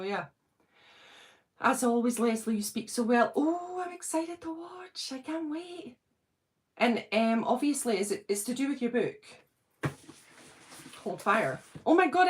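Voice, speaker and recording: A middle-aged British woman hosting a casual livestream, nervous and excited, chatting and greeting viewers by name. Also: a little high, measured pace. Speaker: channel host doing a livestream.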